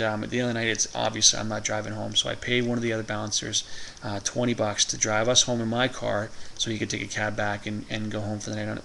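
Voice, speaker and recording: A man's voice: mid-range voice, vocal fry, fairly bright tone, a little hiss or hum, poor audio. A man vlogging, telling a rambling funny story and chuckling often. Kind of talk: casual storytelling.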